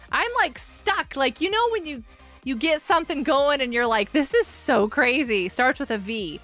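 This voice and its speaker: A woman's voice: extremely high pitch, very animated, unhurried, sharp tone, faint music behind. A young woman streaming a game, chatting casually, giggling and sounding out words.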